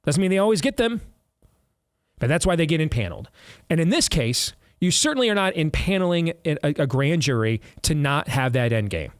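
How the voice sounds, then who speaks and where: A man's voice: on the high side, sing-song, brisk, smooth, no echo, studio quality. A man hosting a political talk show, speaking bluntly and sarcastically, often restarting his sentences.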